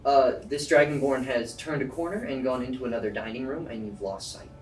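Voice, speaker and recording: A man narrating as dungeon master in a tabletop game, chatty and lively. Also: medium pitch, a little fast. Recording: roomy distant mic, faint music.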